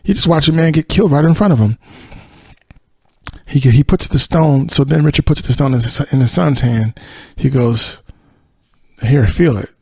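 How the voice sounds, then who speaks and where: Gravelly husky guy rambling thru a show recap, lots of ums, dry close mic. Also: on the high side, moderate pace, a little mellow, no echo. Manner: rambling retelling with many fillers and quoted lines. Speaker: podcast host. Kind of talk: casual episode recap.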